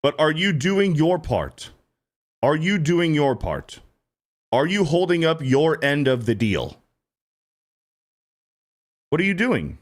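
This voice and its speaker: Animated man ranting on a stream. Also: on the high side, slow, long pauses. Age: 30s. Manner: animated, repetitive, profane ranting. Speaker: streamer host reacting to clips. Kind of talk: casual reaction commentary.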